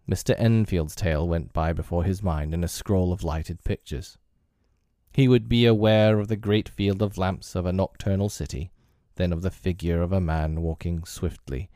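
A man reads a classic novel aloud in a measured, deliberate way. His voice is very low and dark in tone. The recording is dry and close. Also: dry recording. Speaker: narrator. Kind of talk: scripted audiobook narration of a classic novel.

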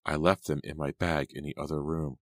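A man's voice: very deep voice, flat delivery, fairly quick, vocal fry, no echo, studio quality, full character voice. A man doing Katie, a casual teen girl. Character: teenage girl Katie, easygoing friend.

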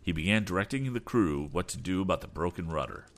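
A man hosting a storytelling podcast, reading an adventure book aloud with expressive narration. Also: low-pitched, fast. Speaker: podcast host and audiobook reader. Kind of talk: audiobook narration.

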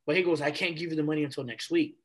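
A man in his twenties, a podcast guest, telling a story in a casual, animated way and replaying conversations with casual slang. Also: on the high side, very fast. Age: 20s.

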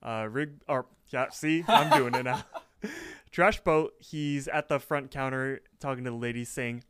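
A man's voice: mid-range voice, a little slow, a bit bright, clear, resonant tone, no echo. A young man co-hosting a podcast from his apartment, easygoing and chuckling as he recaps a cartoon. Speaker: podcast co-host. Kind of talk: casual chat recapping a cartoon episode.

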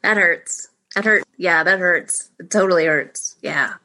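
Woman podcast host, low pitched and bright, eager and encouraging in casual conversation. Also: unhurried. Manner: warmly encouraging, eager reactions. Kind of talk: casual interview chat.

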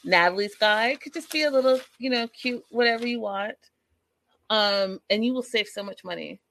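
A woman's voice: a little high, normal speed, vocal fry, fairly bright tone. Gossipy woman recapping a show. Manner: gossipy, addresses viewers directly. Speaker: reality TV recap vlogger. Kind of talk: chatty recap monologue.

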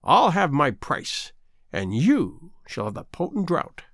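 A man voicing a cruel, scheming female sea witch in a storybook reading, with a slow, taunting delivery. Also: on the high side, wildly swooping pitch, fairly bright tone, no echo, studio quality, heavily acted.

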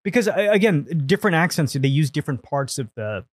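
A man's voice: a little high, brisk. A man from India, a podcast guest, telling stories animatedly in casual conversation, often restarting his sentences. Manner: animated storytelling with frequent restarts and swearing.

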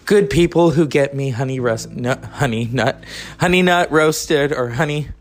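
This California podcast host talks casually and at a moderate pace in a slightly high voice, rambling through stories and adding profane, chatty asides.

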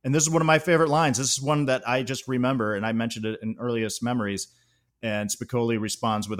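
A man recapping a favorite comedy scene on a podcast, amused and laughing often as he goes. His voice sits at an ordinary middle pitch. The talk is loose and conversational. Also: fairly even intonation, fast talker. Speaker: podcast co-host. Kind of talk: casual movie discussion.

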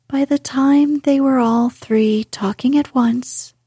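A woman reading a storybook aloud in whispered role-play, softly and unvoiced. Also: high-pitched, steady tone, slow pace, breathy edge, no echo, clean studio sound. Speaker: narrator.

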